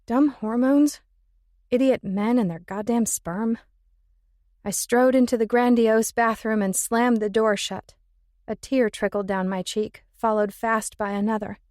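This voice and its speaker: A woman's voice: fairly high pitch, fairly even intonation, a little slow, darkish tone, no echo, studio quality. A woman giving first-person scripted narration with wry, emotional, sardonic asides. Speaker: audiobook narrator.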